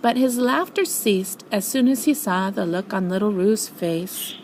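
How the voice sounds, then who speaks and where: An older woman, a grandmother, reading a storybook aloud in an expressive, animated way. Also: mid-range voice, measured pace, slight background noise, poor audio.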